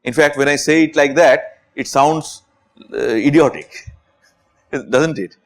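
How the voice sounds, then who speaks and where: A man's voice: a little high, takes it slowly. A man with an Indian English accent giving a university chemistry lecture, often asking "right?" as he explains. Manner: animated, asks rhetorical questions with repeated "right?".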